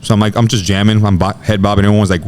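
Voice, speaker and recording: A man's voice: fairly low pitch, level tone, darkish tone, a little hiss or hum. A man in his thirties telling a personal story as a podcast guest in casual, slangy talk, often saying bro. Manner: rapid slangy talk, says bro a lot.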